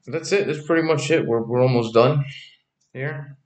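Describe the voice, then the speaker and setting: A man's voice: medium pitch, moderate pace, darkish tone, echoey room. A man giving casual preaching commentary on his channel, chatty, often repeating himself and asking "right?" and "okay?". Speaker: religious YouTuber.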